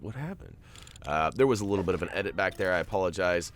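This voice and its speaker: A deep-voiced man who talks fast hosts a video game walkthrough, joking around and chatting casually with viewers. Slight background noise can be heard.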